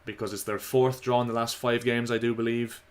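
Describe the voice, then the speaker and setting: A man giving casual, opinionated football commentary to his viewers, slightly hoarse. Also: medium pitch, flat delivery, brisk. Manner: chatty, opinionated, addresses viewers as lads. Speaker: football vlogger.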